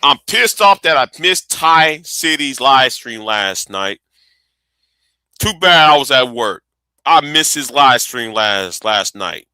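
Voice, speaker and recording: A man's voice: mid-range voice, lively intonation, slow pace, bright, forceful tone, smooth, no room sound. Rambling, profane man on a stream. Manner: rambling, profane, repeats words while thinking. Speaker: live streamer. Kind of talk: casual rambling live stream chat.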